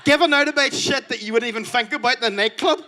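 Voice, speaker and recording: A man telling animated, profane anecdotes in casual talk. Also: extremely high pitch, quick pace, slight background noise. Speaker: comedian. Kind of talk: casual storytelling.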